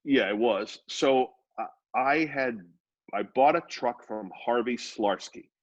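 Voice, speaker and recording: A man in his fifties from Worcester, Massachusetts, a radio personality telling rambling, animated anecdotes in a casual interview. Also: mid-range voice, slow pace, no room sound, lo-fi sound. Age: 50s.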